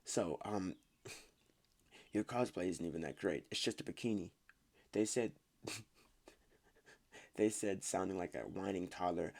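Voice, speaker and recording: A man's voice: low-pitched, slow, gravelly, long pauses, a little mellow. A man reading online stories aloud in a casual way, stumbling over words and breaking off to comment on his own reading.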